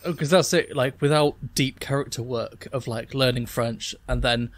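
In a dry recording, this male podcast co-host speaks at medium pitch with fairly even intonation and a moderate pace. The conversation is casual and loose, full of fillers, frequent laughs, and plenty of "like."

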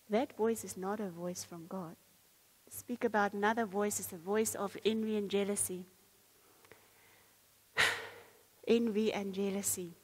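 A woman's voice: medium pitch, unhurried, pauses often, slightly rough, long reverb tail, poor audio. A woman preacher giving a sermon, reading scripture aloud and then explaining it earnestly.

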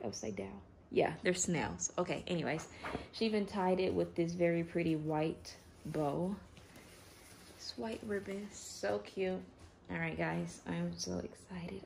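A woman hosting an unboxing vlog, talking in an excitable, gushing way and repeating herself. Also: medium pitch, vocal fry, a little hiss or hum. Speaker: reborn doll channel host.

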